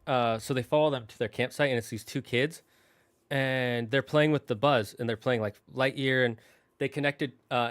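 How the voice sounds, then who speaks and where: A man's voice: medium pitch, a bit bright, dry recording. A male host casually retelling a movie's plot, rambling with fillers and acting out the characters' lines. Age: adult, married. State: tearing up at times. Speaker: show host.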